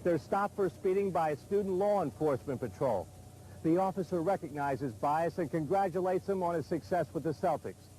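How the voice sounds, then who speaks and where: A man narrating a television news report in a measured, grave, scripted delivery. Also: fairly high pitch, expressive, dark tone, a little hiss or hum, rough recording.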